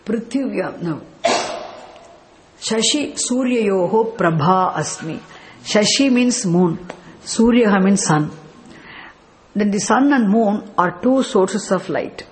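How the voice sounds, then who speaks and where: A man's voice: high voice, animated, slow, long pauses, a little hiss or hum. A man teaching a scripture class, explaining step by step with rhetorical questions and chanting verses. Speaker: spiritual teacher.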